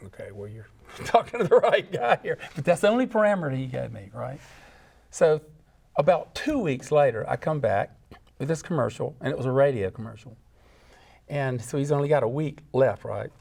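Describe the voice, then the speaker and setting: A man, a guest jingle composer, telling lively stories with frequent laughs and acted-out voices. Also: mid-range voice, normal speed, gravelly, husky. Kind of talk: animated storytelling.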